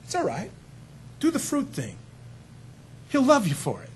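A man voicing the enemy as a sly male tempter, coaxing in a hushed, raspy voice. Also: very high voice, huge pitch swings, measured pace, slight background noise, voice pushed up, heavily acted. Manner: smooth-talking, coaxing, hushed.

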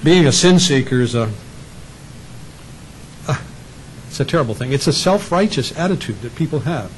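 A man's voice: mid-range voice, animated, moderate pace, slight background noise, poor audio. Man preaching a conversational sermon. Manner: conversational preaching with acted asides. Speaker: pastor.

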